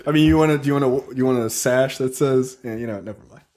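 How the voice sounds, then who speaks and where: A man's voice: mid-range voice, quick pace, background noise. A man co-hosting a casual film review podcast, talking playfully and laughing often. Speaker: podcast co-host.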